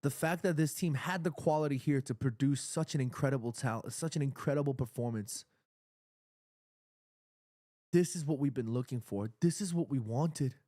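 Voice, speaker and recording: A man hosting a live football watchalong stream from his apartment, talking to his chat in excitable, emotional, slangy fan talk. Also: medium pitch, moderate pace, no echo, studio quality. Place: home apartment with neighbors nearby.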